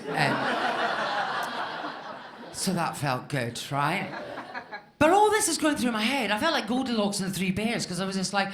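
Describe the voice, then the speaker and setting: A woman in her fifties from Scotland works a club crowd with a stand-up set, her pitch swinging up and down as she chats. She is chatty and self-mocking, and the echoey room carries bursts of audience laughter behind her. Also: lively intonation, moderate pace, pauses often, very noisy. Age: 50s. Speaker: stand-up comedian. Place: comedy club stage.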